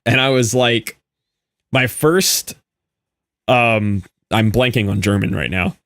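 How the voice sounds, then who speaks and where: A young man streaming a game and chatting casually, telling an animated story with frequent laughs and quick asides. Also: medium pitch, dry recording, studio quality. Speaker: Minecraft streamer. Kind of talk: casual live-stream chat with viewers.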